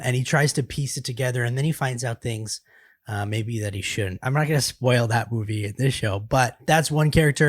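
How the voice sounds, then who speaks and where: A man's voice: mid-range voice, dry recording, clean studio sound. Easygoing man co-hosting a gaming podcast. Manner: easygoing, laughs often, thinks aloud. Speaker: podcast co-host. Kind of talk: casual gaming podcast chat.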